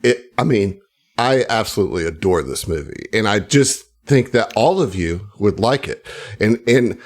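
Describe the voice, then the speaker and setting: A man's voice: lowish voice, lively intonation, normal speed. A man in casual podcast chat, telling a long enthusiastic story with lots of fillers and restarts. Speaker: podcast host and player.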